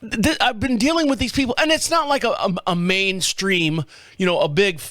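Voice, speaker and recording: A middle-aged podcast host, with a fairly high voice for a man, tells a rambling, loose story in a casual monologue, animated and profane, laughing at his own blunders. He speaks at a moderate pace from a home studio. The sound is dry and close, with no room behind him.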